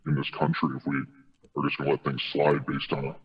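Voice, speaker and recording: A man working as a postal worker, answering interview questions in a measured, matter-of-fact way. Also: a bass voice, completely flat delivery, slightly rough. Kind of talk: undercover-style interview answers. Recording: dull lo-fi video clip.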